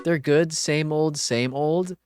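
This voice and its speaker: Low-voiced woman streamer reacting to a game. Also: slow, over loud music. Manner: reads dialogue choices aloud, swears and exclaims in dismay. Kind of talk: live-stream gaming commentary.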